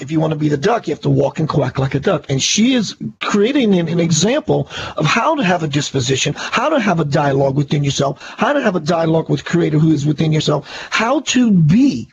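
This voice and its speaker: High-voiced enthusiastic man, lo-fi. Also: lively intonation, brisk. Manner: enthusiastic, preachy. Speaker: radio show host. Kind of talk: spiritual radio talk.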